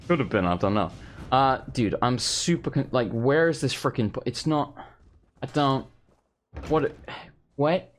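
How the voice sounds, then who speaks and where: A man's voice: medium pitch, animated, unhurried, long pauses, faint music behind. A young man doing casual gameplay commentary, rambling and exasperated as he talks to himself. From England. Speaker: let's play host.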